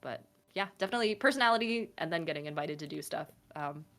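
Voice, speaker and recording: With a deep yet fairly bright voice, lively intonation and a quick pace, this Oregon woman in her twenties chats over soft background music. As an interview guest who game-masters and streams tabletop games, she talks about running them, filling her speech with fillers and jokes at her own expense.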